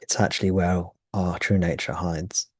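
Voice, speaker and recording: Man, spiritual teacher, mellow low voice, dry close sound, explanatory, self-correcting. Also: fairly even intonation, normal speed, husky, no room sound. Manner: thoughtful, explanatory, restarts phrases. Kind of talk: satsang talk.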